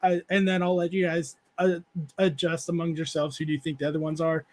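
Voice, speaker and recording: A man's voice: on the high side, little pitch movement, brisk, darkish tone. A man hosting a casual livestream chat, reading viewer comments aloud and rambling through stories with frequent laughs and fillers. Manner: rambling storyteller, laughs often, many fillers. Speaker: show host reading chat.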